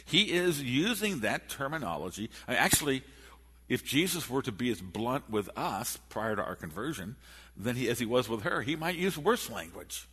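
A man preaching a sermon in a church, animated and storytelling, with frequent restarts. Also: mid-range voice, normal speed, breathy edge. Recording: echoey hall.

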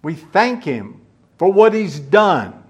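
Male preacher, unhurried delivery, teaching tone, asks the listeners questions. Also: high-pitched, very animated, breathy edge. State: out of breath. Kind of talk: sermon.

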